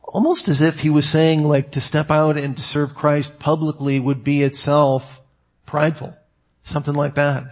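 A man's voice: on the high side, level tone, moderate pace. A man giving a sermon to his congregation, conversational with joking asides. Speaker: pastor.

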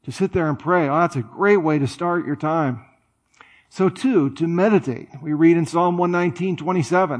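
A man preaching a sermon in a conversational way, with playful, animated asides. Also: a little high, moderate pace. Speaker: pastor.

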